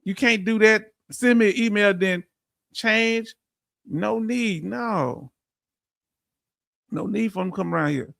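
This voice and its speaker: A man with a Texan accent hosting a live stream, emphatic and animated, reading out chat comments and laughing often. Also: high-pitched, takes it slowly, vocal fry, long pauses, no room sound, clean studio sound. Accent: Texan English. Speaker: veteran live-stream host.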